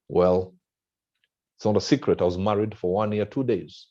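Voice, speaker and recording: A man with a Kenyan accent giving an impassioned motivational speech, with wide swings in pitch and pace. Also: normal speed, long pauses, warm tone. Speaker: motivational speaker. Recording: dull lo-fi sound.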